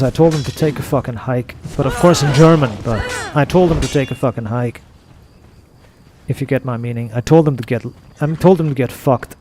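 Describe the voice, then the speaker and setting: A man's voice: mid-range voice, darkish tone, slight background noise. A man making a gaming video who goes on a frustrated, profane rant, repeating himself as he talks. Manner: frustrated, profane, repetitive ranting. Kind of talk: off-topic rant over gameplay.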